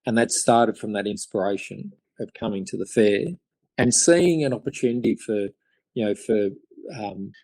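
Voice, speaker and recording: A man's voice: lowish voice, warm tone, no room sound, rough recording. An Australian man, a craftsman guest on a podcast, telling stories in an enthusiastic, rambling way. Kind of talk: casual interview chat.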